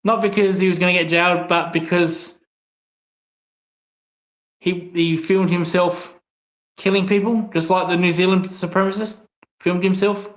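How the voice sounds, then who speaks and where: A man's voice: high-pitched, flat delivery, unhurried, pauses often. A man with an Australian accent giving a blunt, angry opinion monologue, swearing often as he talks. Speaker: online commentator. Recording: echoey, slightly dull room sound.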